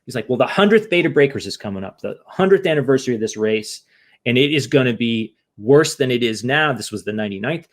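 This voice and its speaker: A man guest on a podcast, telling a story in casual chat, lively, often acting out quoted voices and asking "right?". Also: medium pitch, fast talker. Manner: animated, acts out quoted voices, frequent "right?".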